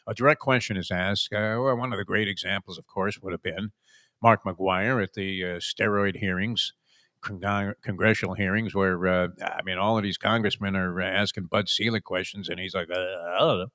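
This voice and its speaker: A man's voice: deep voice, fairly even intonation, moderate pace, sharp tone, no room sound, clean studio sound. A man hosting a casual sports talk show, telling rambling wisecracking stories with lots of "uh"s. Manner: wisecracking, rambling storyteller with frequent "uh"s.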